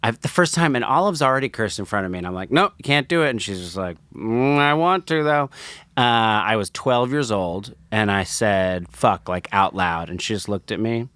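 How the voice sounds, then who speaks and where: A man's voice: on the low side, lively intonation, fairly quick, hardly any pauses, fairly bright tone, dry recording. Laid-back New Jersey man co-hosting. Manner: laid-back, storytelling, laughs easily. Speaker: podcast co-host. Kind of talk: casual comedy podcast chat.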